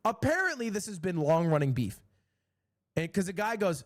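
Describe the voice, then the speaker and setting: A man streaming, telling a story in a casual, animated and exasperated way. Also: sits high, normal speed.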